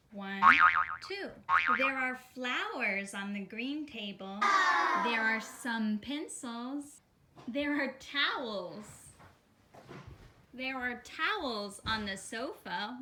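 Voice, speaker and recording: Over a noisy background, a woman with a slightly high voice leads a slow, clear English lesson for beginners, carefully modeling brief sentences and emphasizing key words.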